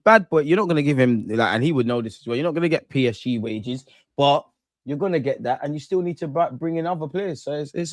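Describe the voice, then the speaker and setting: This young man's voice sits on the high side, recorded with no echo. As a football watch-along streamer, he gives live casual commentary on the match, ranting in slang and talking back to his chat.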